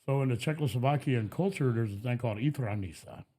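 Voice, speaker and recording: A man's voice: medium pitch, fast talker, dark tone. A man, a podcast guest, telling laid-back stories in casual chat and laughing often. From Texas.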